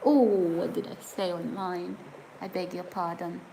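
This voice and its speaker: Giggly woman live-streaming, slow chatty talk. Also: on the low side, steady tone, vocal fry, dark tone, a little hiss or hum, low-quality recording. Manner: giggly, chatty, often breaks into laughter. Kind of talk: casual live-stream chat reading comments. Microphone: phone or camera set on a surface.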